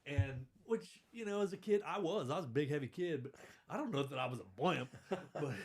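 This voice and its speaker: A man's voice: a little high, lively intonation, a little fast, a little mellow, breathy edge. A man hosting a podcast, telling stories in a rambling, self-deprecating way and laughing through them. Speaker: podcast host. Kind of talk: casual storytelling chat.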